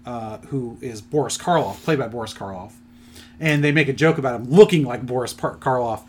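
A middle-aged podcast co-host presents his picks, rambling through a plot retelling full of fillers in a casual chat. He has a medium-pitched, darkish voice and talks fairly quickly.

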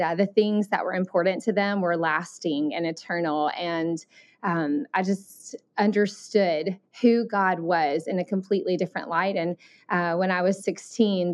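A woman from Alabama with a Southern accent, speaking a bit low and steady. She tells her story as an interview guest in an earnest, reflective way, often pausing with "um" and "uh" to gather her thoughts. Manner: earnest, thoughtful, many ums and uhs. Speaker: missionary guest.

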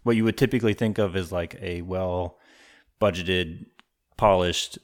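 Brief man, lower voice, rambling podcast co-host who talks through films casually. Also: fairly even intonation, measured pace. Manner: rambling, thinks aloud with many fillers. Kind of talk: casual movie review chat.

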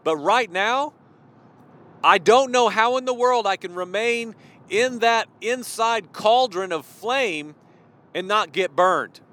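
A man preaching a sermon, swinging between soft pleading and loud, impassioned declaration. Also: high-pitched, animated, slow pace.

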